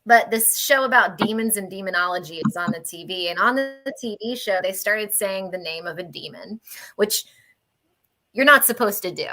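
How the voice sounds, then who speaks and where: Bright-voiced woman telling a lively story. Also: mid-range voice, normal speed. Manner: animated, chatty, laughs mid-sentence. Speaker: paranormal investigator on a panel. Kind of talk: casual storytelling.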